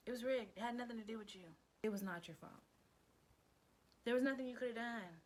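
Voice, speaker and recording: A woman's voice: on the high side, fairly quick, long pauses, darkish tone, a little hiss or hum, low-quality recording. A woman vlogger talking casually to camera, giving advice in a chatty, emphatic way and calling the viewer girl and babe. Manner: glances down at written notes.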